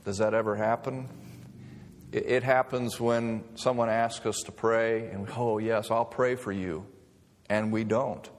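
A man's voice: lowish voice, steady tone, measured pace. A man preaching a sermon in a conversational way, mixing humor with scripture. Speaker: pastor. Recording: long reverb of a hall.

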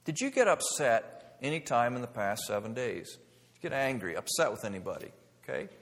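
A man's voice: mid-range voice, big pitch swings, fairly quick, a bit bright. Man preaching in an echoing hall. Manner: rhetorical questions, rising to emphatic preaching. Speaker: pastor. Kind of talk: sermon.

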